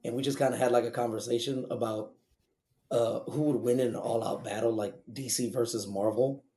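Profane animated man on a podcast. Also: medium pitch, fairly quick, roomy sound, slight background noise. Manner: profane, animated, laughs often. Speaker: podcast co-host. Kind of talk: casual podcast chat.

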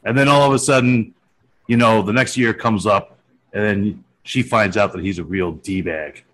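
A man's voice: fairly low pitch, moderate pace, fairly bright tone, poor audio. A man co-hosting a casual sports podcast, teasing his partner and laughing often. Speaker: co-host.

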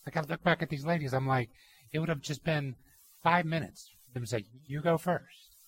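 A man preaching a sermon in a somewhat high voice. He tells stories with lively mimicry, leaning in hard on key points. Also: fairly quick. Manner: animated storytelling, mimics people in anecdotes. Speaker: pastor.

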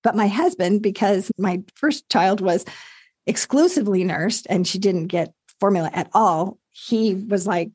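An older woman, a lactation consultant, telling birth stories in a casual interview, animated and laughing often as she acts out what others said. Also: medium pitch, unhurried, husky, no room sound, clean studio sound. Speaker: guest, lactation consultant and mother. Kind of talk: casual storytelling.

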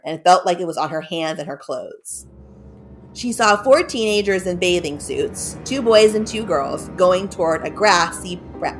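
Female storyteller, lower register, relaxed conversational retelling, light music underneath. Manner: chatty, loose, full of "like" and "kinda".

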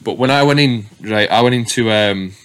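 A man's voice: lowish voice, normal speed, fairly bright tone, clean tone. A young man hosting a podcast, chatting casually and rambling with lots of swearing and restarts. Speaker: podcast host. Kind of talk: casual chat.

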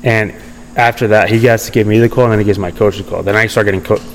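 Young male podcast guest, casual, restless restarts, slightly low voice, light background noise. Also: fairly even intonation, fast talker, poor audio. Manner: rambling, many fillers and restarts. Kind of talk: casual storytelling interview.

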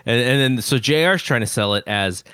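A man's voice: mid-range voice, animated, fairly quick, sharp tone, clear, resonant tone, no room sound, clean studio sound. A man recapping an old wrestling episode on a podcast, hesitant and full of fillers. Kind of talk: casual episode review chat.

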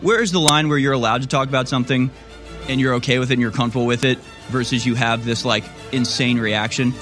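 A man's voice: medium pitch, steady tone, quick pace, a bit bright, soft background music. A man hosting a talk radio show, rambling in a casual monologue and now and then acting out other people.

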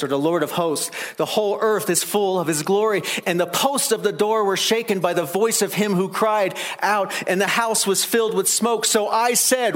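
A man preaching a sermon, animated, rising loud and high to make his points. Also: moderate pace.

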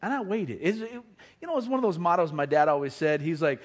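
Speaking fast in a voice on the higher side, a middle-aged man entertains a crowd with a comic tale about his family. He brings it to life by acting out each relative's voice.

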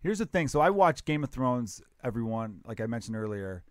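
Quick, blunt podcast co-host, man, slightly high voice, dry close mic. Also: dry recording. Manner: blunt, profane, animated storytelling. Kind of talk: casual chat.

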